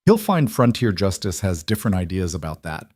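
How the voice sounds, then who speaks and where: Storybook western: man doing a calm, firm rancher, low voice, dry close sound. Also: brisk, slightly rough, no echo, full character voice. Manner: calm, firm, plain-spoken. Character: steady, plain-spoken lone male rancher.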